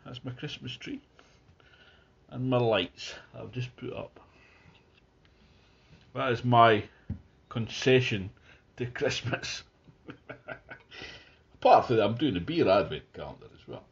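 Man, slow unhurried delivery, chatty beer review, relaxed, dull lo-fi sound. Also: medium pitch, vocal fry. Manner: relaxed, chatty, describes in detail. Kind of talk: casual beer tasting review. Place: at home near his Christmas tree.

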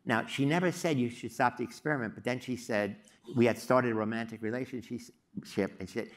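An older man giving a storytelling lecture, halting often with uh and um. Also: mid-range voice. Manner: halting, many uh and um fillers. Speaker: psychology professor giving a talk.

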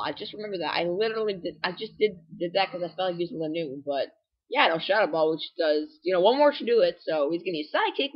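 A young man provides casual, rambling commentary for a game walkthrough, packed with fillers and self-corrections. He gets excitable quickly and his voice sometimes cracks suddenly. His pitch sits high, and the recording sounds muffled.

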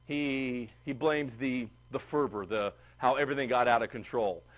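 A man teaching a history class in a classroom, animated and chatty, often checking in with the students. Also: mid-range voice, moderate pace, rough recording. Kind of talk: classroom lecture.

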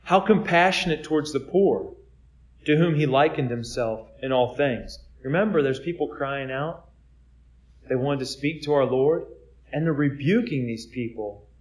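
Speaking unhurriedly at medium pitch, a Catholic friar delivers a casual preaching talk. He leans on rhetorical questions and repeats words whenever he starts a thought over.

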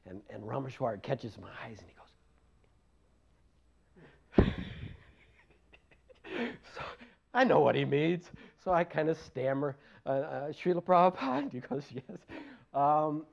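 Older man, casual storyteller, rambling and self-deprecating, quick to laugh. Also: fairly high pitch, big pitch swings, vocal fry. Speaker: devotee recalling memories.

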